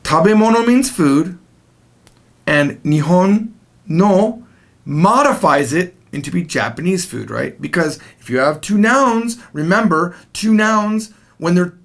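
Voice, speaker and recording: A man teaching a video language lesson, explaining in a chatty, animated way. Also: high voice, unhurried, creaky.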